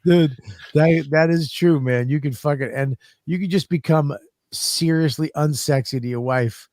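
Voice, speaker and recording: A man co-hosting a podcast, telling profane, animated stories in casual comedic chat. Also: fairly high pitch, moderate pace, dry recording, studio quality. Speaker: podcast co-host.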